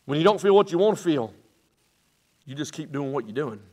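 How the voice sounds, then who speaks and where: A high-pitched man delivers a sermon from a church pulpit. His preaching comes in loud, rising bursts. Then he sinks to a low, quiet tone. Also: expressive, a little fast. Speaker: pastor.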